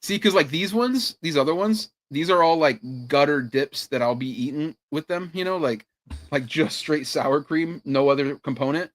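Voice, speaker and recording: A man's voice: on the high side, normal speed. A man co-hosting a podcast in casual chat, telling stories with laughs and swearing. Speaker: podcast co-host.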